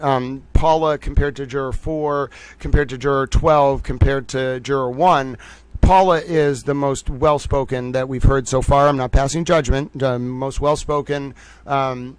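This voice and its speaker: A man with a Boston accent hosting a commentary stream, talking fast and digressively with lots of fillers and restarts. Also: medium pitch, clean tone, dry recording. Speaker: commentary livestream host. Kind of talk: casual analytical commentary.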